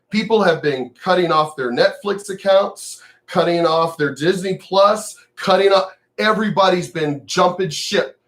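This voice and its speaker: An older, retired man who vlogs, ranting to camera in a profane, sneering, mocking way. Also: sits high. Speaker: vlogger. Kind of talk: angry direct-to-camera rant.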